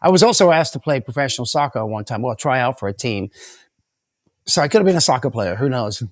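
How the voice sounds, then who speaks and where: A man's voice: medium pitch, expressive, fast talker, no echo, clean studio sound. A man as an interview guest, telling rambling stories with many restarts and repeated words. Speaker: guest mentalist. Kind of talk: storytelling interview answers.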